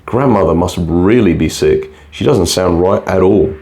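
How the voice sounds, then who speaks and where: A man voicing a polite, trusting little girl in a red hood in a bedtime storybook reading, gentle and innocent in manner. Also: low-pitched, normal speed. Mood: uneasy.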